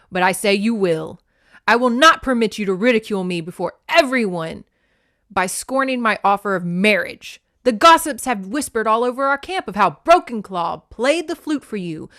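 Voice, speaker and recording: A woman voicing a proud, jealous young man who speaks forcefully and sneers. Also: on the high side, lightly acted.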